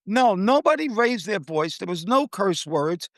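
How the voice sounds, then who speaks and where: An older man with a high voice tells a travel story, lively and animated, jumping up in pitch to act out the people he quotes. The sound is dry and close. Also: measured pace, no room sound. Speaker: co-host telling a travel story. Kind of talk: casual storytelling chat.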